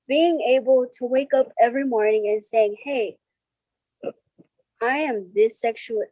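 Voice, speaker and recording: Slow, soft-toned woman, emotional guest. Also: fairly high pitch, no echo, low-quality recording. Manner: slow, halting, tearful at times. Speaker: interview guest. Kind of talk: emotional personal interview over video call. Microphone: video call.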